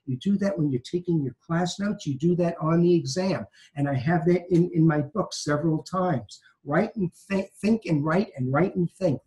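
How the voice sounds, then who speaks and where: Poor audio captures a New York man, a law professor with a light Brooklyn accent, handing out emphatic advice conversationally and repeating his key points. His voice is on the high side and a little mellow.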